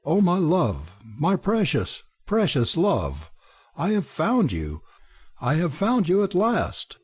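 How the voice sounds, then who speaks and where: A man voicing a gruff, impatient middle-aged country landowner. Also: a little high, huge pitch swings, slow pace, darkish tone, voice pushed up, full character voice. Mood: tender. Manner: blustering, impatient.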